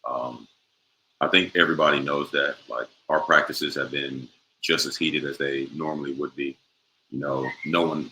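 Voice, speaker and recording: A man's voice: very deep voice, sharp tone, slight background noise, poor audio. A young man, a professional basketball player, answering interview questions in a laid-back way with many fillers.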